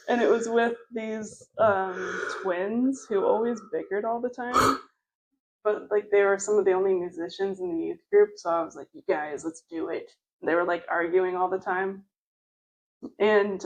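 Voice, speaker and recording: A woman's voice: medium pitch, rough recording. A woman telling a story in a casual chat, rambling with lots of fillers and laughter. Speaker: podcast co-host.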